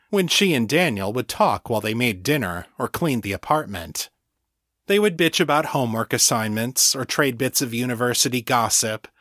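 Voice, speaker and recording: A man narrating a serial audiobook in a steady, measured way, recorded on a close mic. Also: mid-range voice, dry recording. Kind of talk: scripted narration.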